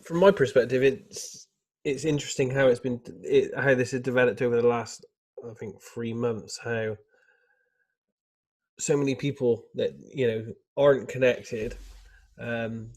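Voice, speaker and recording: A man in a group discussion, offering his view in a measured, thoughtful way. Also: mid-range voice, fairly even intonation, darkish tone.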